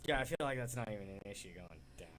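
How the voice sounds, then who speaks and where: A man's voice: lowish voice, animated, rapid-fire, a bit bright, a little hiss or hum. A man co-hosting a casual talk show, adding short agreeing remarks and echoing his partner. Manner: short agreeing interjections, echoes his co-host. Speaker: co-host. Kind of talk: casual chat.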